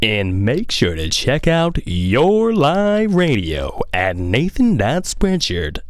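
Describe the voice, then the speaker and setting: A man putting on a slow smooth radio DJ. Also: mid-range voice, wildly swooping pitch. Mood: mock-smooth. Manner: slow, drawn-out announcer delivery. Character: mock smooth male radio DJ plugging merch. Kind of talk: parody radio announcement. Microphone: studio microphone with headphones.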